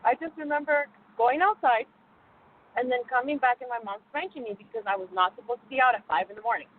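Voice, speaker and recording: A woman's voice: a little high, fast. A woman telling her story as a guest in a casual, rambling way, laughing often. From United States. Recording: muffled phone line with faint noise.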